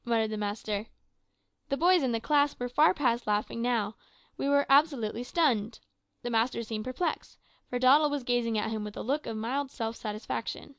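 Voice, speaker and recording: A woman reading an adventure story aloud in measured narration, raising her voice for the quoted lines. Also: a little high, steady tone, clean tone, dry recording. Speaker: audiobook reader. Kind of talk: scripted narration.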